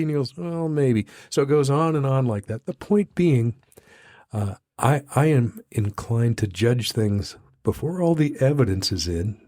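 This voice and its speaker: A man from Texas hosting a recovery podcast interview, telling a long folksy story with many restarts and self-deprecating asides. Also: medium pitch. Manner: rambling storyteller, animated voices in quotes, self-deprecating. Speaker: podcast host. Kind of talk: casual interview. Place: small studio.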